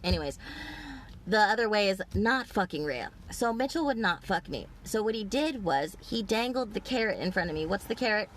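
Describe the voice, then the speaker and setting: A woman's voice: mid-range voice, lively intonation, normal speed. A woman talks straight to her camera in a long, meandering monologue. She is agitated and swears constantly, and her sentences are crowded with fillers. A faint hum of noise sits behind her voice. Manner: profane, rambling, agitated storytelling with many fillers. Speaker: vlogger. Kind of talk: rambling personal monologue. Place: outdoors in a big parking lot.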